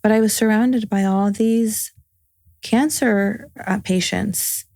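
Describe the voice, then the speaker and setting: A woman's voice: medium pitch, fairly even intonation, takes it slowly, darkish tone, no room sound, studio quality. A woman in her forties, a podcast guest telling a personal story in casual conversation, earnest and full of reported dialogue. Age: 40s.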